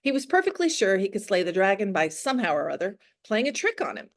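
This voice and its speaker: A woman's voice: medium pitch, fast talker. Woman teacher, storybook read-aloud with casual classroom asides. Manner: expressive reading, casual asides.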